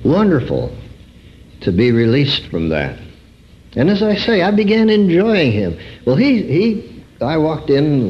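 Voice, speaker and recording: A man giving an earnest personal testimony sermon, swinging between high emphatic phrases and low drawn-out words. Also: big pitch swings. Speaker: preacher. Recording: dull lo-fi recording.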